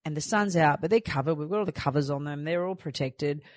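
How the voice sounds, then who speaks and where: A woman's voice: low-pitched, fast, darkish tone, dry recording. An Australian woman in her thirties hosting a podcast, telling stories in a chatty way and acting out what she said. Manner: chatty storytelling, acting out her own lines. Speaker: podcast host. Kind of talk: casual chat.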